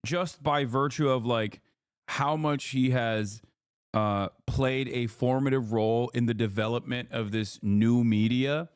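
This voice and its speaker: A man's voice: mid-range voice, steady tone, a little slow, clear, resonant tone, dry recording, studio quality. A man hosting a livestream, lecturing his chat in rambling, profane casual commentary. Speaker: livestream host.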